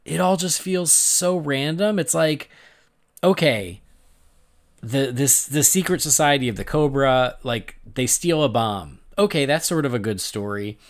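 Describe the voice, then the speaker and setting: A man hosting a podcast in casual chat, animated and laughing often as he acts out his own reactions. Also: mid-range voice, a little slow. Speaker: podcast host.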